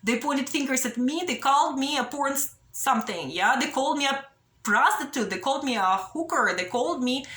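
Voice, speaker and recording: High, bright-voiced young woman, anxious. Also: animated, fairly quick, reverberant. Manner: anxious, pleading, tags sentences with "yeah?". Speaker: vlogger. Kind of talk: direct-to-camera personal appeal.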